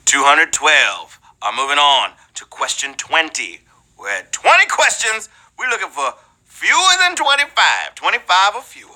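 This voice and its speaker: Bright, lively trivia show host man. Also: on the high side, normal speed. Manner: playful, hyped, banters and calls viewers "babies"; breaks into snatches of song. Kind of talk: live trivia game show hosting.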